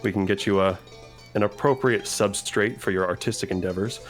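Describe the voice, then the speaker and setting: A man's voice: lowish voice, a little fast, faint music behind, close to an everyday voice. A man voicing a proud, protective tavern keeper in a tabletop game, speaking with dry, veiled menace. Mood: stern polite.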